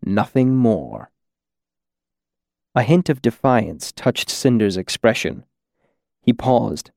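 Man narrating a fantasy book, slow and gravelly, dry close sound. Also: mid-range voice, animated, darkish tone, dry recording. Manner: measured, deliberate reading. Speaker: audiobook narrator.

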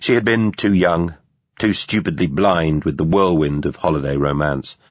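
A man reading a novel aloud in steady, measured scripted narration. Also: sits low, no room sound. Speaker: audiobook narrator. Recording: dull, lo-fi dry recording.

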